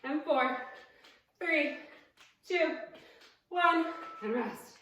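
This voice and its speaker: A woman's voice: high-pitched, expressive, very slow, very echoey, recorded from a distance, noisy background. A woman instructing a cardio workout, counting reps and cueing moves, out of breath, with upbeat coaching and self-deprecating asides. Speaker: fitness instructor.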